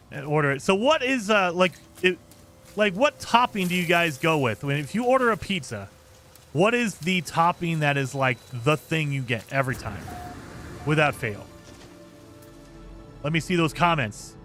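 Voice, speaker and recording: Lively, bright-voiced man chatting with chat. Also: a little high. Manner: chatty, reacts to viewer comments, frequent fillers. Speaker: gaming streamer. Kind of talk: casual chat with live chat.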